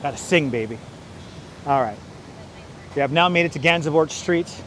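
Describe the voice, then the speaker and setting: High-pitched guy streaming live on a walk through a city park, clip mic, cracks jokes at chat, faint traffic behind. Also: moderate pace, fairly bright tone. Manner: jokey, breaks into playful singing, reads out viewer names. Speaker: livestream host. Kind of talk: walking livestream chat. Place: outdoors on an elevated city park walkway. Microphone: wireless clip-on mic, phone on gimbal.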